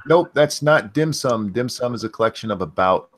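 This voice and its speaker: A man's voice: medium pitch, lively intonation, moderate pace. A man reading viewer messages in a casual chat, offhand.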